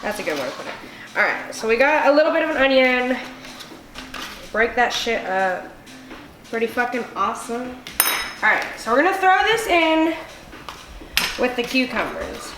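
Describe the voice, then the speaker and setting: A woman's voice: on the high side, sing-song, moderate pace, pauses often, noisy background. A tipsy woman hosting a casual cooking vlog, rambling and swearing freely as she chops. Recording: echoey room with music behind.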